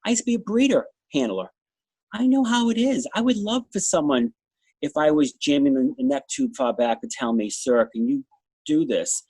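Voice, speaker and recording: Blunt New England man, husky voice. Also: a little high, big pitch swings, a little mellow, dry recording. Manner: blunt, talks fast in bursts, trails off. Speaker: dog show judge. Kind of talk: interview answer, candid anecdotes.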